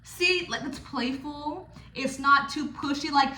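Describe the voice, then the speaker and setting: A woman's voice: sits high, unhurried, few pauses, pushed and bright. A young woman giving casual, blunt and playful advice to other dancers, swearing freely. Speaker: stripper coaching other dancers. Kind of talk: casual direct-to-camera advice. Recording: echoey room.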